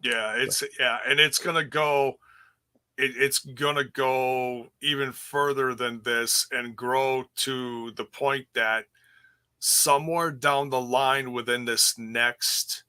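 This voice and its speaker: Guy co-hosting a podcast, bright voice, rambly and jokey. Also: medium pitch, steady tone, takes it slowly, clear, resonant tone. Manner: rambling, jokey, laughs easily. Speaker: podcast co-host. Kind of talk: casual wrestling review chat.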